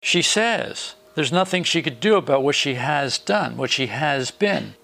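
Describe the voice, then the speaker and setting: A middle-aged man giving an informal spoken sermon as a preacher. He is folksy and wry, with sarcastic asides, and his pitch jumps about. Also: gravelly. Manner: animated, with quick jumps in pitch.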